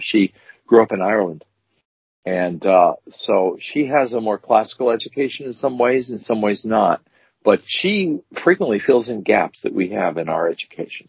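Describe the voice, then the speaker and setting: A man with a very husky, breathy, fairly low voice co-hosts a casual chat, talking in a lively, swooping way as he jokes and rambles through stories. The audio is dull and dry, with no room sound. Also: no room sound. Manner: animated, joking, rambling storyteller. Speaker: co-host.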